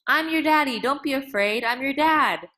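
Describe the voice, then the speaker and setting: A woman's voice: lowish voice, normal speed. A woman reading as a desperate ex-convict father. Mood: pleading. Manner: pleading, then forced calm. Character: grieving ex-convict father, a middle-aged man.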